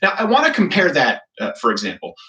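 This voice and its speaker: A male political commentator talking in a measured way with some filler pauses. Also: a little high, wildly swooping pitch, pushed and bright. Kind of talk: talk show commentary. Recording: echoey room, distant mic.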